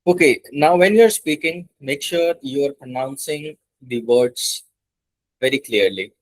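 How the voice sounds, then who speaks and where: A man's voice: mid-range voice, a little slow, no echo, poor audio. A man with an Indian English accent teaching an online class, explaining step by step and repeating key points. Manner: instructive, repeats points for emphasis. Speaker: internship instructor. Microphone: video call.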